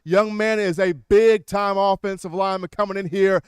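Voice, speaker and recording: A man hosting a sports call-in show, energetic and quick, taking callers with repeated catchphrases. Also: sits high, clean tone, no echo, studio quality.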